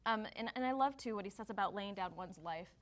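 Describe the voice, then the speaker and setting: A woman talking through faith in an easy, reflective way, pausing and restarting as she thinks. Her voice sits at an ordinary middle pitch for a woman. She co-hosts a casual church devotional conversation. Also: lively intonation. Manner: reflective, with frequent fillers and restarts. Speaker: church staff co-host.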